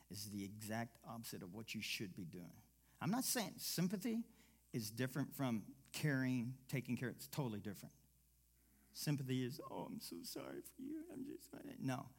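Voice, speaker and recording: A male pastor delivers a sermon in a slightly rough voice, swinging between low, quiet asides and loud exclamations. When he quotes people, he mimics whiny voices.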